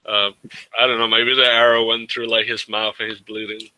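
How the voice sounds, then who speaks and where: Laid-back guy at a tabletop game, really bright voice, dry sound. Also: on the low side, little pitch movement, normal speed, no echo, rough recording. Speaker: player. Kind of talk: casual chat at a tabletop game.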